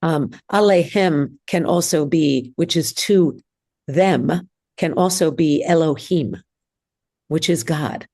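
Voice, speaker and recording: A woman teaching a synagogue class, speaking hesitantly with many ums and pauses. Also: sits low, a little mellow. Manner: hesitant, many ums, sings trope examples. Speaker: bar mitzvah trope teacher. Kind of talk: classroom lesson.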